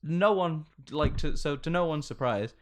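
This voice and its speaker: A man's voice: a little high, animated, moderate pace. Giggly New man reading tweets. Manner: giggly, reads out tweets with mock emphasis. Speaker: podcast co-host. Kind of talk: casual comedic chat.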